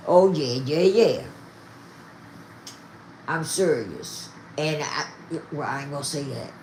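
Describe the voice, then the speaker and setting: A woman's voice: low voice, expressive, slow pace, a little mellow, slight background noise. An older woman talking casually to her viewers, emphatic and repetitive. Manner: emphatic, repeats herself, talks straight to viewers. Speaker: vlogger.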